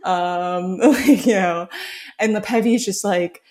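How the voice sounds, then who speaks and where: A woman's voice: medium pitch, slow pace, a little mellow. A young adult woman co-hosting a casual podcast chat, talking loosely with lots of fillers and frequent laughter. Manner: chatty, filler-heavy, laughs often. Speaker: podcast co-host. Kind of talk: casual chat about a reality show.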